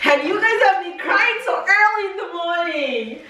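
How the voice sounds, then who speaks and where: A woman's voice: very high-pitched, lively intonation, moderate pace, distant mic, a little hiss or hum. Emotional mother vlogging, echoey room. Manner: emotional, teary and laughing, speaking gently to her child. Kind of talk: casual family vlog, unboxing a package.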